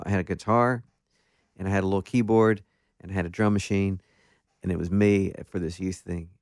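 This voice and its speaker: A man, a guest musician, telling stories in a casual interview in an animated, self-deprecating way, with many restarts. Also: low voice, no echo, studio quality.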